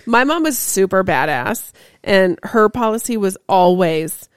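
Female co-host, mid-pitched, blunt and casual, dry mic. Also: lively intonation, unhurried, clear, resonant tone, dry recording. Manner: frank and blunt, swears casually. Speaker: podcast co-host and mother of a toddler. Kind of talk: casual podcast chat.

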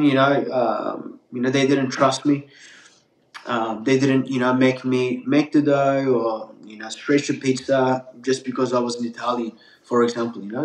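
A man's voice: medium pitch, echoey room, a little hiss or hum. A Turkish man with a slightly Australian-tinged accent, a pizza maker chatting as a podcast guest, full of fillers and restarts. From Turkey. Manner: rambling, many fillers and restarts, laughs easily. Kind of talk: casual podcast interview.

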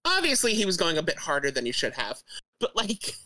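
Enthusiastic woman co-host, lowish voice, dry recording, lots of laughter. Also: wildly swooping pitch, a little fast, bright, forceful tone, no echo. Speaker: podcast co-host. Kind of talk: casual chat about a TV show.

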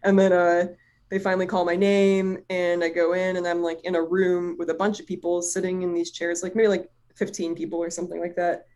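A woman's voice: fairly low pitch, flat delivery, a little fast, darkish tone. A chatty woman tells a personal story in casual conversation. She rambles, leans on fillers, and swears freely. She laughs easily as she talks. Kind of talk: casual chat.

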